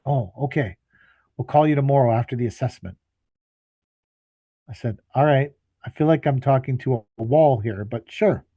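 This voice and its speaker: A podcast co-host who owns a landscaping business speaks in a medium-pitched, dark, breathy voice at a moderate pace with long pauses and no room sound. Sounding tired, he tells an exasperated, profanity-laced story on a casual podcast, acting out both sides of his phone calls.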